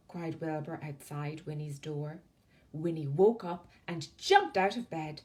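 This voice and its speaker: A woman with an Irish accent reading a picture book aloud to children as a library storyteller, expressive and soft on the tag lines. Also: sits low, a little slow.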